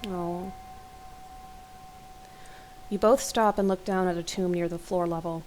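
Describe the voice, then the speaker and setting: A woman's voice: lowish voice, steady tone, brisk, darkish tone, a little hiss or hum, low-quality recording. A young woman hosting a let's play, reading an interactive horror novel aloud into a desk mic, breaking her dramatic reading with startled gasps and comments. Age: young adult.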